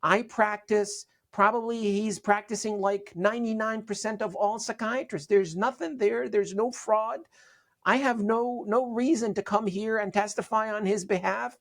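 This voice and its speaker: Man impersonating a Georgian doctor: Southern twang, raised pitch, unbothered drawl. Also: steady tone, moderate pace, vocal fry. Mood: dismissive. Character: folksy Southern male psychiatrist, unbothered.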